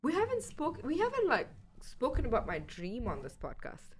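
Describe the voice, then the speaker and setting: A woman's voice: high voice, huge pitch swings, normal speed, a little hiss or hum. A young woman co-hosting a podcast, telling a long story in casual chat, rambling, swearing and laughing often. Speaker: podcast co-host.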